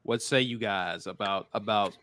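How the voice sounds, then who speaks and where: A man's voice: fairly low pitch, moderate pace, sharp tone, dry recording, clean studio sound. Man moderating a sports chat. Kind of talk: casual sports talk.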